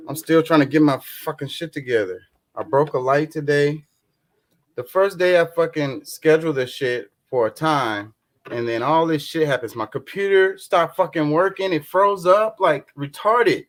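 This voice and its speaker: A man's voice: fairly high pitch, a little slow. A young man hosting a casual livestream chat, rambling, swearing and flustered. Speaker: show host.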